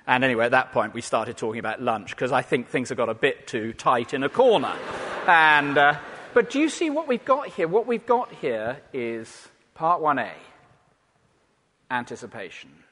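Vicar giving a sermon, animated storyteller, goes loud then hushed, long church echo. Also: male voice, medium pitch, moderate pace. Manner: lively storyteller, wide swings from loud to hushed.

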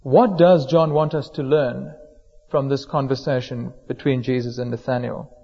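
A man preaches a sermon in a church hall, his mellow voice trailing off into a long reverb. The recording is dull and lo-fi. He talks in a measured way, slowing down to stress key words. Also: medium pitch, fairly even intonation, gravelly, slightly rough. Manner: measured, slows down for emphasis on quoted words.

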